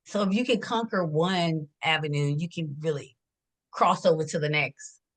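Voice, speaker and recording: A middle-aged woman from Washington D.C., a hair stylist, chatting casually in an interview and telling animated stories, laughing often and acting out the voices of the people she quotes. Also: low-pitched, moderate pace.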